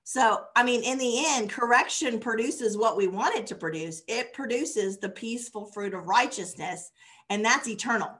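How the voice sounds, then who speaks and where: A woman's voice: fairly high pitch, normal speed, fairly bright tone. Conversational woman teaching scripture. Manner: conversational, with fillers and laughs. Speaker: bible teacher. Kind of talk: informal sermon teaching.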